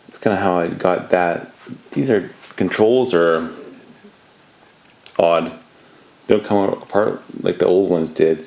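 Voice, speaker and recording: A man's voice: deep voice, a little mellow. A man narrating a casual do-it-yourself motorcycle job in a laid-back, rambling way, now and then mildly exasperated. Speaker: motorcycle DIY vlogger.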